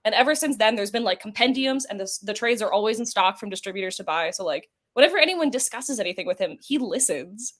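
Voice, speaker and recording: A woman's voice: medium pitch, big pitch swings, fast talker, hardly any pauses, a bit bright. A woman guest on a podcast, chatting casually and telling long rambling stories full of fillers. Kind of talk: casual interview chat.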